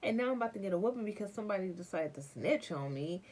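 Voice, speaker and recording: Young woman vlogger, chatty storyteller with casual slang, middle-pitched voice. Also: animated, rapid-fire, a little mellow, a little hiss or hum.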